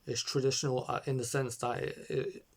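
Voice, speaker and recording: A man talks through a short film review, hesitant and rambling, with constant fillers and restarts. He sits at a phone or webcam mic, and his voice sits at an ordinary middle pitch. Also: flat delivery, fairly quick.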